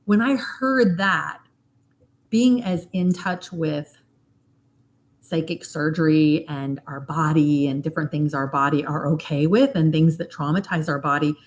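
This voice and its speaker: A middle-aged woman with a slightly low voice speaks casually to her livestream audience as a hypnotherapist. She is chatty and animated, and she slows right down when she wants a point to land.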